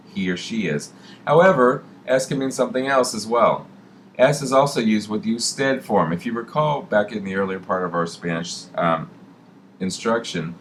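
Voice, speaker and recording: Low-voiced male Spanish teacher. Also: fairly bright tone, slight background noise. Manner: slow, deliberate repetition of example words. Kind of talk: recorded classroom lesson.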